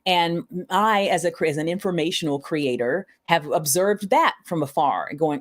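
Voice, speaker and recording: A woman's voice: sits low, moderate pace, few pauses. A woman guesting on a podcast as an online creator, speaking thoughtfully and often restarting her phrases. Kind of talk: casual conversation.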